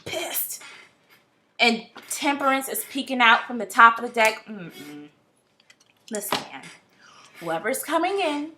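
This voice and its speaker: A woman's voice: mid-range voice, slight background noise. A woman reading tarot cards in a casual, blunt, talkative vlog style, often exasperated and swearing now and then. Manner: chatty, blunt, animated, swears. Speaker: tarot reader.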